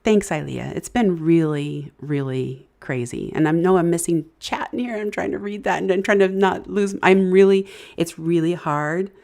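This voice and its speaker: A woman hosting a casual live stream, halting and searching for words, thanking viewers as she reads the chat. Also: on the low side, vocal fry, darkish tone. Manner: halting, many fillers and restarts, searching for words; grateful, effusive thanks to viewers. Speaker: livestream host.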